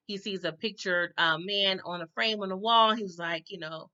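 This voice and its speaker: A woman's voice: medium pitch, steady tone, fairly quick, hardly any pauses, sharp tone, lo-fi sound. A woman giving a casual, chatty recap of a TV episode. She acts out the characters' lines and keeps tagging her sentences with "okay?". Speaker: TV recap host.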